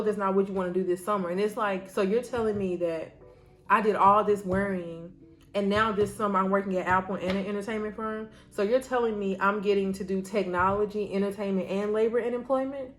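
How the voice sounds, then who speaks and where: A woman of about thirty, a law student chatting candidly to her viewers while doing her makeup at home, rambling and saying y'all. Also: mid-range voice. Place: home, near her bed.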